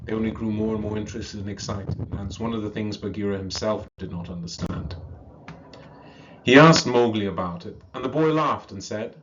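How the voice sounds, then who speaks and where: A man reading a classic story aloud to a listener, slow and measured, chanting the verse passages. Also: lowish voice, fairly bright tone, slight background noise. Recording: dull lo-fi recording.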